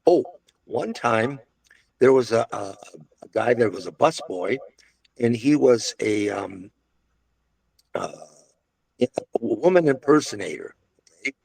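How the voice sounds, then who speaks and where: Slow and gravelly, with long pauses, an older man casually looks back on his restaurant days in a rambling interview full of restarts and asides. His mid-range voice is lively in intonation, a little mellow and husky, with no room sound.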